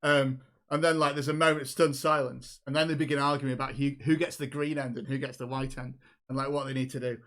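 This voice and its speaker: A man's voice: medium pitch, little pitch movement, fast talker, a bit bright. A man running a tabletop game as game master, narrating with hesitant restarts. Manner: hesitant, many fillers and restarts.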